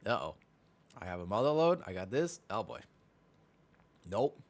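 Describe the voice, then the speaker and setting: A man's voice: fairly low pitch, very animated, normal speed. A young man chatting casually while streaming a game, answering chat, hopping between topics and laughing often. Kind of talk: casual live-stream commentary while gaming.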